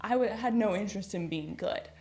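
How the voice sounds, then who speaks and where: A young woman guest on a podcast, telling her own faith story in loose, conversational speech. She strings her sentences together with frequent "like"s. She breaks into easy laughter as she goes, and her pitch sits in an ordinary middle range for a woman. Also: a little fast, darkish tone. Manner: chatty, filler-heavy with frequent "like"; laughs easily mid-story. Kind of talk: casual testimony storytelling.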